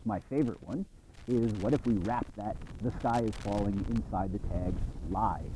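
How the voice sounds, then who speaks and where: Male lecturer, middle-aged, dark mellow voice, easygoing and reflective classroom delivery. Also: fairly low pitch, a little hiss or hum, low-quality recording. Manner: conversational and reflective, with restarts. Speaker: university lecturer. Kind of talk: recorded course lecture.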